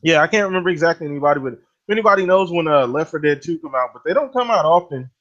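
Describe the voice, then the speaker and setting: A man's voice: fairly high pitch, animated, rapid-fire, fairly bright tone. A man co-hosting a casual gaming podcast, speaking bluntly with swearing and laid-back ranting. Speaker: podcast co-host. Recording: dull lo-fi audio.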